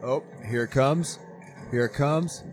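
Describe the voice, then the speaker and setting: A man co-hosting a podcast, chatting casually and swearing while playing a video game, excitedly hyping up his teammate. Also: mid-range voice, slow, soft background music. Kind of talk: casual gaming chat.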